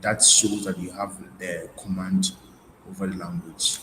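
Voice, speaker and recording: A man's voice: sits low, flat delivery, measured pace, bright, forceful tone, roomy sound, slight background noise, poor audio. A male tutor giving a webinar lecture, repeating key points and often restarting with fillers. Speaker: IELTS tutor.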